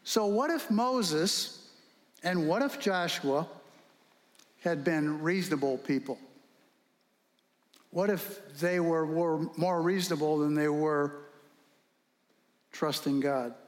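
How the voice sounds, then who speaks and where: Brief: male pastor, high voice, lively storytelling sermon, long hall reverb. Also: takes it slowly, long pauses. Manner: animated storytelling with rhetorical questions.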